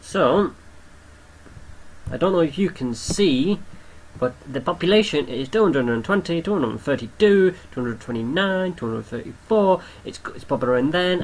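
A young man giving casual game commentary, excitable, swearing often and talking to the creatures on screen. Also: fairly high pitch, slight background noise, low-quality recording. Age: young adult. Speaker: gamer commentator.

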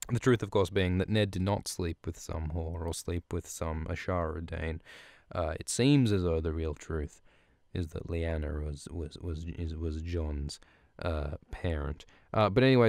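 A male podcast host rambles through a profane, casual recap, stumbling and restarting as he goes. His voice is low and smooth, and it sits close and dry on the mic. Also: darkish tone, no echo. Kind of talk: casual recap of a book chapter.

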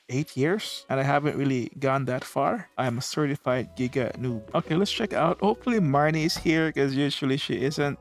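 A man's voice: medium pitch, gravelly. A man giving casual, self-deprecating let's-play commentary, chatty and rambling. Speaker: gaming video host.

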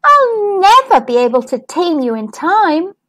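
A woman's voice: extremely high pitch, big pitch swings, measured pace, a bit bright, pitched above the performer's own voice, heavily acted. A woman voicing a hopeful little girl fairy in a children's storybook, sweet and earnest. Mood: fretful.

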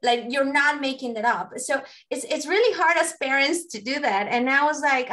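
A woman's voice: high voice, expressive, normal speed, few pauses, bright, forceful tone. A woman hosting a radio interview, earnest and rambling, often restarting her sentences, a native Spanish speaker talking in English. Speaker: host and parenting facilitator. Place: radio studio.

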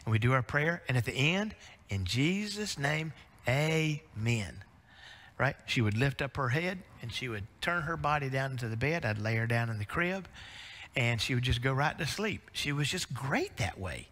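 A middle-aged man preaching a sermon, telling folksy family stories in an animated way. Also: medium pitch, normal speed. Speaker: pastor. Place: church sanctuary. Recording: reverberant church sanctuary.

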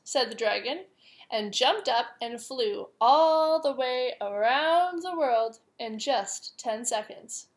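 A woman reading a picture book aloud to young children, with gentle, chatty asides to her listeners. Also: a little high, expressive, slow pace. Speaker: preschool teacher.

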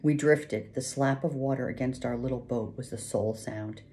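A woman reading a novel aloud in first person, with measured, hushed suspense. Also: very deep voice, slight background noise. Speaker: audiobook narrator. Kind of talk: scripted first-person narration.

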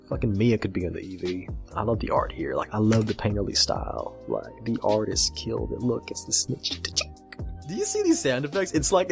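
Male creator, animated fan commentary, very expressive pitch, faint background music. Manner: animated and gushing, swears freely, mimics characters. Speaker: video creator reviewing a game comic. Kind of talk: excited casual commentary.

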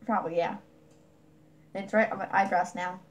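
A woman's voice: on the low side, fairly even intonation, normal speed, slight background noise. A woman chatting casually and giggling often while playing a drawing game on camera.

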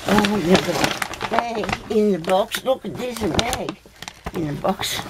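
A woman's voice: medium pitch, takes it slowly, pauses often. A middle-aged woman chatting to her viewers as she opens a parcel, thinking aloud and exclaiming as she goes. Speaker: video blogger opening a parcel. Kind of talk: casual unboxing chat. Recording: noisy home recording.

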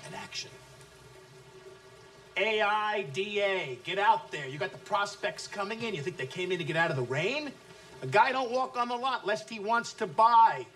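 An actor playing a brash, abusive male sales trainer who taunts his listeners, shouting one moment and dropping to low menace the next. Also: expressive, moderate pace, slight background noise. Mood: aggressive. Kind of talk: film acting.

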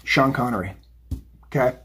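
Brief: middle-aged male tarot reader, rough breathy voice, loose chatty delivery. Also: mid-range voice, normal speed. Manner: chatty, rambling, animated, says "right?" and "okay?" often. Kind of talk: casual tarot reading monologue.

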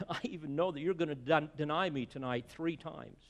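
A man delivering an expository sermon, his voice sitting a little high for a man. He preaches emphatically, dropping to a hush and then rising, often repeating words as he drives a point home. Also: normal speed. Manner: emphatic preacher with rhetorical asides, swinging from hushed to loud. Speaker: pastor.

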